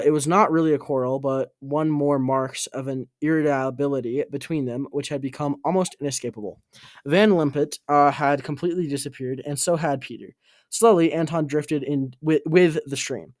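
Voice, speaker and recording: Halting male audiobook reader. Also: fairly high pitch, a little mellow, no room sound, clean studio sound. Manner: halting, with slips and restarts. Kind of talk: unpolished audiobook reading.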